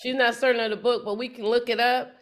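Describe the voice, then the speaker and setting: A woman leading a congregation's Bible study, teaching in a lively, colloquial way and acting out the quotes with slang. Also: a little high, fast talker.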